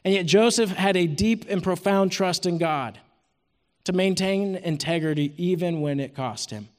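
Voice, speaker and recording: Man, 30s, preaching. High, earnest, storytelling voice with long hall reverb. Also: moderate pace. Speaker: retreat speaker teaching scripture. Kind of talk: sermon.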